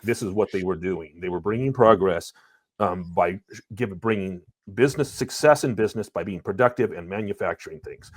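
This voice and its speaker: Male co-host, deep voice, rambling casual commentary, dry mic. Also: breathy edge, dry recording. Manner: rambling, with many fillers and self-corrections. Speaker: podcast co-host.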